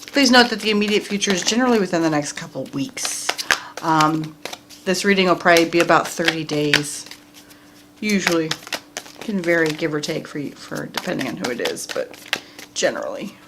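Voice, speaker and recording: A woman's voice: low voice, expressive, moderate pace, noisy background. Chatty woman doing a tarot reading. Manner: chatty, talks to viewer directly, laughs often. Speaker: tarot reader. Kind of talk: casual tarot reading vlog.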